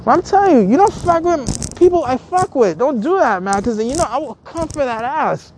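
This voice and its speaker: Her rant is heated and repetitive: a woman vlogger swears constantly at her viewers and keeps tripping over false starts. The voice is high, expressive and a little mellow, moving fairly quickly. Some slight background noise is present.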